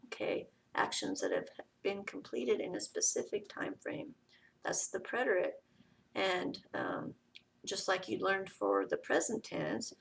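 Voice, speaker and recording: Gravelly-voiced woman teaching Spanish grammar. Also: fairly low pitch, distant mic. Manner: explains step by step, often says "okay". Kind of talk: grammar lesson.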